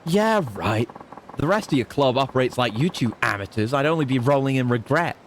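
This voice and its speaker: A fiery young biker woman from a video game who shuts people down with cool, cutting remarks, as a man reads her lines in his own voice. The pitch moves in a lively way. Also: fairly quick, a little hiss or hum, close to an everyday voice. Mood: defiant. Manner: cutting, confident put-downs.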